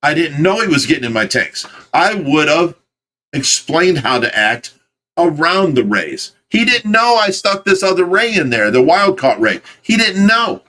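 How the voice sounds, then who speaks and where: A man's voice: fairly high pitch, big pitch swings, a little slow, bright, forceful tone. A man hosting a casual livestream about rescued fish, talking emphatically and repeating his points to the chat. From United States. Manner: emphatic, insistent, repeats himself.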